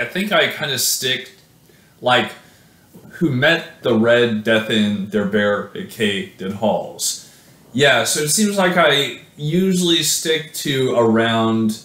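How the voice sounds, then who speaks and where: A man's voice: medium pitch, fairly bright tone, reverberant. A man reads his own sonnet aloud, then talks it through casually with many fillers and self-corrections. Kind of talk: poetry reading then casual explanation.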